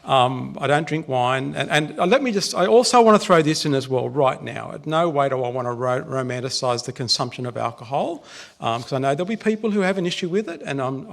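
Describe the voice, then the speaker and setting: A man's voice: a little high, gravelly, a bit bright. A man with an Australian accent preaching a casual, chatty sermon in a church, joking with the congregation.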